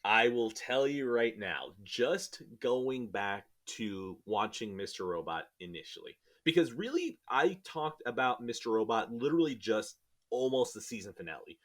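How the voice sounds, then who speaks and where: A man's voice: medium pitch, sing-song, normal speed, a bit bright. A man hosting a podcast in casual chat, rambling and joking as he sometimes loses his train of thought. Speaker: podcast host.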